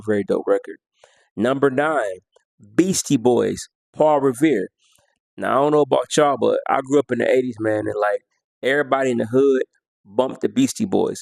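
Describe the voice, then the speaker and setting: Laid-back man with a gravelly voice. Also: mid-range voice, a little fast, a little mellow, no echo. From United States. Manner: laid-back, slangy, half-sings lyrics and beats. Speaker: music vlogger. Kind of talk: casual countdown commentary.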